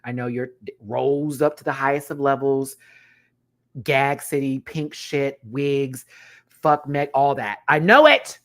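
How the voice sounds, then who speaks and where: A man giving a casual, profane rant review as a vlogger. He swings from low muttering to loud exclamations and scats beats aloud. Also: level tone, slow pace.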